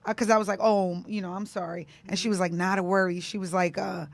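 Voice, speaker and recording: A woman's voice: medium pitch, flat delivery, fast, creaky, no room sound. A woman co-hosting a live talk show, chatting casually and telling everyday stories. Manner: chatty storyteller, many fillers. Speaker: co-host.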